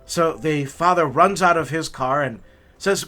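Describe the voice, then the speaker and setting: A man's voice: on the high side, measured pace, faint music behind. A man telling a heartwarming story in a casual, folksy way as the host of a hiking video. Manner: folksy, repeats words, animated telling.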